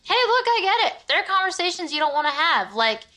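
A woman trading deadpan, sarcastic quips in sitcom dialogue. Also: extremely high pitch, fast. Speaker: sitcom character.

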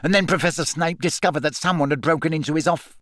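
A man's voice: a little high, quick pace, a bit bright, pitched above the performer's own voice, close to an everyday voice. A man voicing a fussy, eager old male caretaker who tattles in a hurry.

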